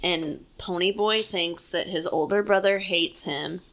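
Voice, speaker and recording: A woman's voice: fairly low pitch, a little slow, fairly bright tone. A woman in a casual book discussion who chimes in with short reactions and explains her thoughts on the story.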